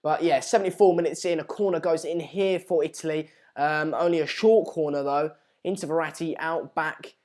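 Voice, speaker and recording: A man's voice: fairly high pitch, fairly even intonation, normal speed, darkish tone. Man, from Sweden, live stream host, casual football commentary, chatty. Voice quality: chatty, reads viewer comments aloud. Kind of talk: casual match watchalong commentary.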